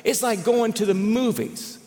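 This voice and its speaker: A man preaching a sermon as pastor, telling stories in an animated way and often repeating words as he goes. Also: sits high, a little slow, a little hiss or hum. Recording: long reverb of a large hall.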